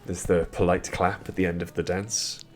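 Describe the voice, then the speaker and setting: Deep-voiced man narrating as game master. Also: level tone, a little mellow, soft background music. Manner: descriptive, halting narration with fillers.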